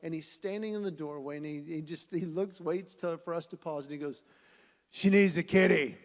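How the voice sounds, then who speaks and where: Male event speaker, lively storyteller, reverberant hall. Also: a little high, fairly quick. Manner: animated storyteller who acts out voices. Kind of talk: storytelling speech to an audience.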